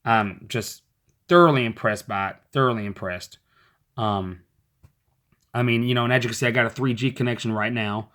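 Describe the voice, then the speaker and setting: A man, a bit hoarse, reviewing a gadget in a casual, rambling way with many fillers and restarts. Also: mid-range voice, normal speed, a bit bright. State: hoarse, voice going in and out. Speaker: tech reviewer.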